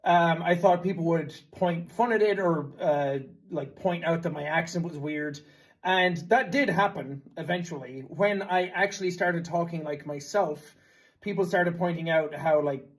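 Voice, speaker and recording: An Irish man in his thirties talks casually to the camera, chatty and a little self-deprecating. His voice sits slightly high for a man, with a clear Irish lilt. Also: normal speed. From Ireland. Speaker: YouTuber. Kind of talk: casual talking-to-camera explanation.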